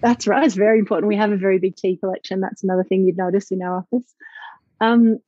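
A woman's voice: medium pitch, steady tone, quick pace, warm tone, no room sound. A woman, a business owner talking reflectively and with enthusiasm in a conversational interview, with many fillers. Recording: slightly dull lo-fi audio.

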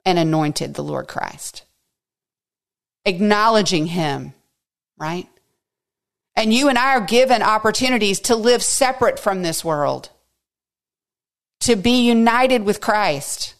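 A woman teaching a Bible study in an expressive way, dropping to hushed asides and rising to high, emphatic bursts. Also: a little slow, creaky, long pauses.

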